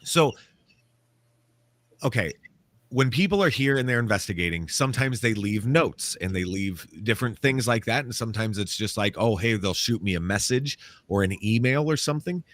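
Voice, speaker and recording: A man, a paranormal author and interview guest, telling a story in a casual, animated way and acting out the quotes. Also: fairly low pitch, normal speed, no echo. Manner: animated, acts out quotes, laughs often.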